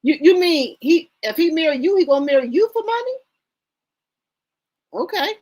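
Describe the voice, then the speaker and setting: Sassy, high, lively woman commentator. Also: moderate pace. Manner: sassy, indignant, repeats herself. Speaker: gossip channel host. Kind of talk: casual commentary reading posts aloud.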